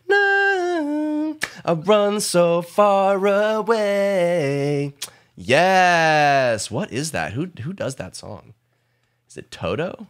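A young man streaming a casual reaction to an album, excitable, swearing often and joking. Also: medium pitch. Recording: faint pop music underneath. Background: pop music playing.

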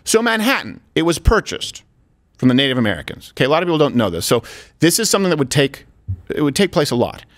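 A man's voice: on the high side, fast talker. A man in his thirties hosting a talk show, delivering opinionated comedic commentary with sarcasm and acted-out asides. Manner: animated, sarcastic, acts out quoted voices. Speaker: show host.

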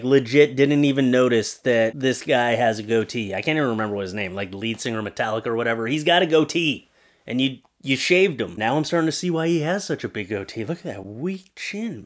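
A man doing comedic commentary on pictures, sarcastic and wisecracking, swearing casually as he roasts what he sees. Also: mid-range voice. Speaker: YouTube commentator.

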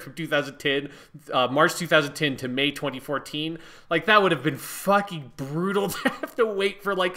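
Excitable podcast guy, bright sharp voice, swears a lot, says like constantly. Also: on the high side. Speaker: podcast co-host. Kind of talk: casual chat.

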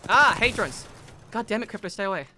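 An Australian man streaming a video game, excitable and playful, often shouting during fights. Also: high-pitched, brisk, a little hiss or hum. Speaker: gaming streamer. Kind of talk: casual gameplay chat.

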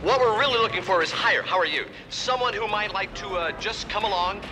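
A man's voice: high-pitched, brisk, music in the background, lightly acted. An actor playing a pushy male product promoter with coaxing sales patter in a film. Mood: salesy. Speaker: cheese spread promoter filming a commercial.

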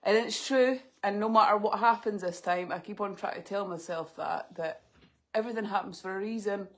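A woman in her thirties, teary and soft-spoken as she chats through opening parcels live. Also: medium pitch, brisk. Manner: tearful, soft-spoken, sniffly. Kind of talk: emotional live unboxing chat.

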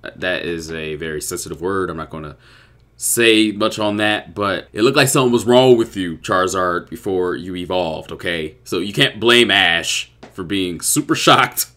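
A young man giving crude, excitable reaction commentary with loud outbursts. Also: deep voice, normal speed. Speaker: YouTube reactor.

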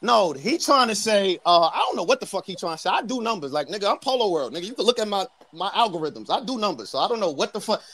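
A man from New York with a New York accent, trash-talking loudly and boastfully as a guest on a livestream call. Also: sits high, big pitch swings, fast, few pauses. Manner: brash, boastful, loud. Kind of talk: heated livestream trash talk.

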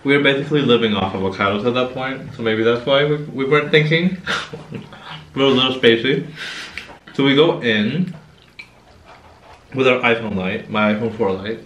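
A man tells a story in a relaxed way and chats casually. His voice sits away from the mic in a roomy, echoing space, with a light hiss behind it. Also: medium pitch, normal speed, pauses often, lo-fi sound. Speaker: co-host. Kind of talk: casual chat. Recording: echoey room, mic at a distance.

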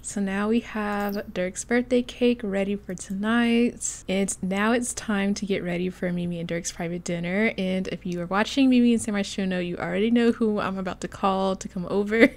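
Excitable woman doing let's play commentary, super chatty, laughs a lot. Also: mid-range voice, moderate pace, hardly any pauses. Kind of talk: casual gameplay commentary.

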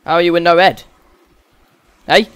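Male let's-play host, slightly high voice, sweary and exasperated, dry close sound. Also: steady tone, normal speed, a bit bright, clean tone, no room sound. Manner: sweary, exasperated running commentary. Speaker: gaming channel host. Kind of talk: let's-play game commentary.

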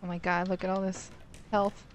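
A woman's voice: on the low side, little pitch movement, normal speed, a little hiss or hum. A young woman commenting on a horror game as she plays, swearing freely and shrieking when startled. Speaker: let's play gamer. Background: game music.

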